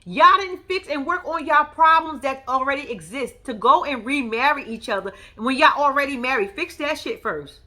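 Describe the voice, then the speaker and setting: A woman's voice: high voice, normal speed, few pauses. A woman giving blunt, profane casual commentary on a reality TV show, talking straight to her viewers and laughing often. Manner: animated, talks straight to viewers. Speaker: reality TV recap vlogger.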